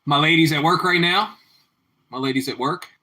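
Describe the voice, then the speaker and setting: A man's voice: fairly high pitch, normal speed, sharp tone. A man hosting a livestream from his home kitchen, chatting casually with viewers while he cooks and often repeating his phrases. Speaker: livestream host. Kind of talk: casual chat while cooking.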